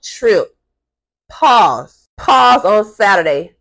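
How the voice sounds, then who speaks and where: A woman telling a long personal story to her camera in a casual, animated way, swearing freely and acting out the people in it. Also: mid-range voice, brisk.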